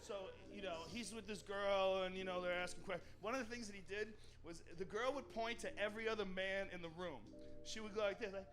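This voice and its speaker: A man doing stand-up, telling a crude story in an animated way and acting out the characters. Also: high voice, brisk, over music. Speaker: stand-up comedian.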